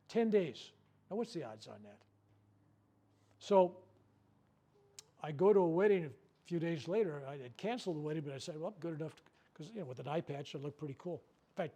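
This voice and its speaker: Older man telling a lively healing story. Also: a little high. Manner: animated storyteller, acts out quotes, repeats words. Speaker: workshop speaker. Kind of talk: storytelling talk to a live group.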